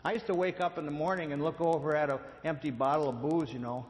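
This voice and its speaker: A man with a slightly higher voice gives a conversational sermon and slips into little acted quotes along the way. He often repeats himself as he talks. His voice rings out with a long reverb, the way it would in a church hall. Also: fairly even intonation, fast, a little hiss or hum. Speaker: speaker on addiction and grace. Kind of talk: sermon with storytelling.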